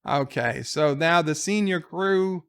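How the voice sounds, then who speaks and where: A man's voice: a little high, slow, creaky, smooth. A man casually recapping a TV episode as a reviewer, rambling with fillers and quoting lines.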